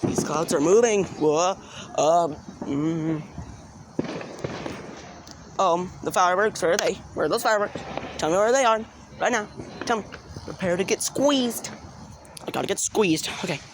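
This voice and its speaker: A man's voice: high-pitched, measured pace, pauses often. A man vlogging outdoors into a handheld phone, jumpy and exclaiming, with lots of swearing. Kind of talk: casual vlog commentary. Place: outdoors at night during fireworks. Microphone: handheld phone camera. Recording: noisy outdoor phone recording.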